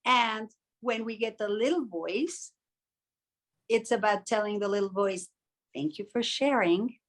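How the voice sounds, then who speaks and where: A woman's voice: mid-range voice, a little slow. A woman co-hosting a podcast in casual chat, reflective and acting out inner voices in little quoted asides. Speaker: podcast co-host.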